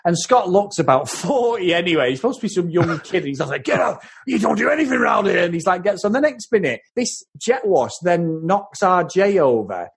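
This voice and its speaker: A man's voice: high voice, sing-song, normal speed, hardly any pauses, husky. A man co-hosting a podcast, animatedly mocking an old film's scenes and swearing freely. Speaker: podcast co-host. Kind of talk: casual film review chat.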